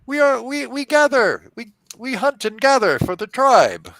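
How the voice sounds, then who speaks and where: A man's voice: very high voice, big pitch swings, unhurried, gravelly, a bit bright, pitched above the performer's own voice, full character voice, rough recording. A man voicing a small, indignant male fey creature who stammers defensively.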